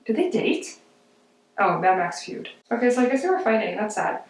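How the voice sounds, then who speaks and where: A woman's voice: medium pitch, big pitch swings, normal speed. A young woman in her twenties, chatting casually and self-deprecatingly through a commentary vlog, with lots of "like" and frequent giggles. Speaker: video essayist. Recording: echoey room.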